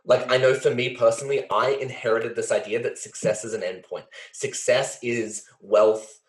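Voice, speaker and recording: In a roomy, echoey recording, a male podcast host with a mid-range voice talks at a moderate pace and with fairly even intonation. The conversation is reflective, and he sounds earnest and heartfelt, working through his thoughts with lots of fillers and a swear here and there.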